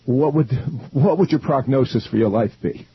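Radio host guy, mid pitch, curious questions, dull sound w slight hiss. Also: normal speed, slightly rough. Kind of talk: radio interview.

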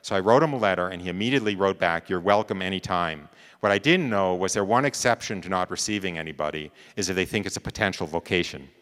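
Guy telling a story at a talk, low-ish smooth voice, lots of "you know, right?", long hall echo. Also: quick pace, few pauses, fairly bright tone. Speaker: speaker giving a talk.

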